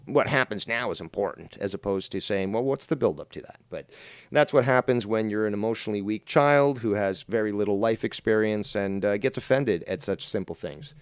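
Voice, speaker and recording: A man's voice: fairly low pitch, moderate pace, smooth, no room sound. A man hosting a livestream drama commentary show, talking in a profane, mocking, rambling way. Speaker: host.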